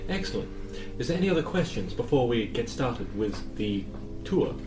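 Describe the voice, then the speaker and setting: A man playing a breathy, formal orc woman who works as a liaison official. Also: medium pitch, sing-song, normal speed, over music, natural voice. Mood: officious. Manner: polite, officious. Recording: roomy, distant mic.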